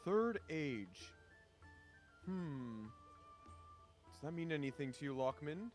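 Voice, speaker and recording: A relaxed, chatty man plays a tabletop game and describes what his character does. His voice sits slightly above average pitch for a man, over faint music. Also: unhurried. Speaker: player.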